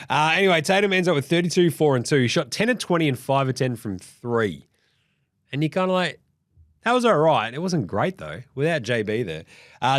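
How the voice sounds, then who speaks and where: A man hosting a casual, sweary sports recap. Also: mid-range voice. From Australia. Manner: sweary, blunt, animated. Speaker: host.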